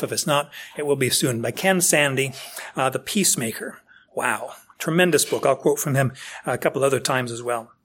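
A man's voice: medium pitch, a bit bright, husky. A man preaching a conversational verse-by-verse sermon, full of rhetorical questions and acted-out asides. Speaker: pastor. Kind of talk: expository sermon.

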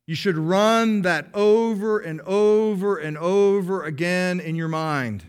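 A man preaching a sermon to his congregation, explaining patiently and slowing down to stress key phrases. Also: high-pitched, clean tone. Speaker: pastor.

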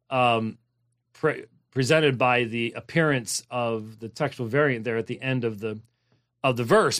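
A man's voice: mid-range voice, a bit bright. A man preaching a sermon, explaining a Bible passage in an emphatic, digressive way, with many fillers and restarts and key phrases repeated. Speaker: pastor. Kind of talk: sermon-style Bible exposition.

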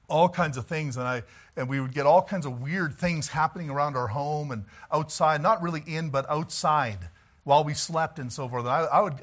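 A male pastor preaching a sermon, telling stories in an animated way and chuckling as he goes. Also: on the high side.

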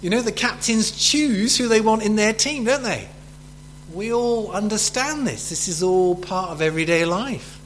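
A man's voice: high voice, normal speed, slight background noise. A man preaching a sermon in a chatty way, full of rhetorical questions to his listeners.

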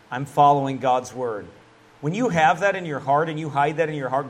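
A man preaching a conversational sermon as a pastor, animated, with laughs and asides. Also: a little high, normal speed.

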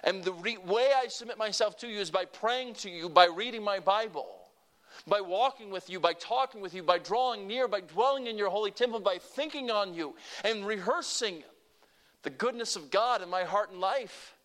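A man preaching a sermon to a congregation, earnest and conversational, rising to emphatic peaks and dropping to soft, quiet asides. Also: high-pitched, normal speed. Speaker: pastor.

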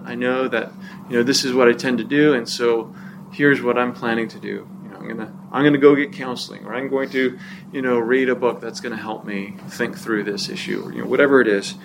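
A man teaching a church class in a relaxed, conversational way, with frequent fillers and restarts. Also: mid-range voice, a little fast, creaky, noisy background. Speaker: pastor or teacher.

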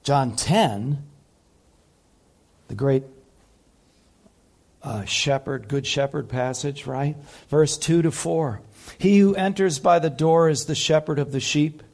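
A man preaching a sermon, impassioned, swinging between loud peaks and soft, quiet passages. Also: a little high, takes it slowly, gravelly, long pauses. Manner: impassioned, rising loud then dropping soft. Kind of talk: sermon teaching.

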